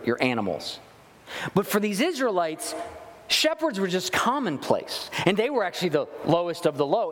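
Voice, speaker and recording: A man preaching a sermon, reading scripture slowly and then explaining it with emphatic repetition. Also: sits high. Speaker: pastor. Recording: long reverb of a large hall.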